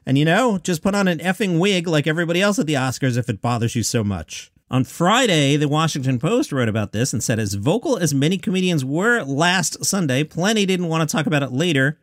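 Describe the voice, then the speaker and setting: A man with a slightly raised pitch hosts a comedy news podcast. He reads other people's quotes aloud and drops wry asides in between. The sound is dry and close, with no room echo. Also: animated, fairly quick, hardly any pauses. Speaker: podcast host.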